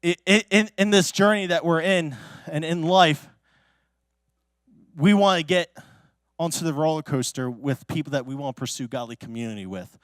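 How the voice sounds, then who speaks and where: A male pastor preaching a sermon through a personal story, chatty and full of fillers, with sudden excited exclamations. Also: fairly high pitch, normal speed, pauses often, dry recording, studio quality. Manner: casual and chatty, many fillers like "like" and "you know"; animated, bursts into loud excited exclamations.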